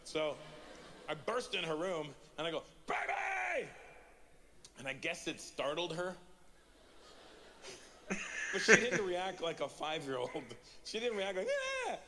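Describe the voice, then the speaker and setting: A Canadian man in his forties performs stand-up comedy, telling a story and acting out the quoted lines. His voice is on the high side at a moderate pace, with background noise present.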